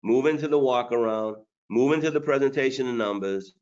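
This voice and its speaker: A man's voice: medium pitch, fairly quick, a little mellow. Blunt man on dull webinar audio. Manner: blunt, hard-driving, joking. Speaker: sales trainer. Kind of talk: webinar coaching talk.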